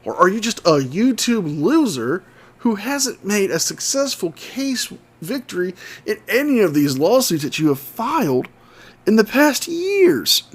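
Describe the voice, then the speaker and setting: A man's voice: high voice, very animated, measured pace, breathy edge. A man giving scornful, sarcastic commentary over video clips. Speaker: commentary host.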